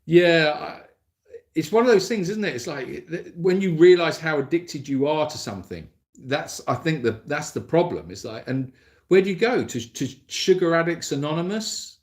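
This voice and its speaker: A man's voice: fairly high pitch, lively intonation, normal speed. A man hosting a casual livestream Q&A, rambling and self-deprecating as he answers viewer comments into his mobile phone. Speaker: animal sanctuary host answering viewer comments.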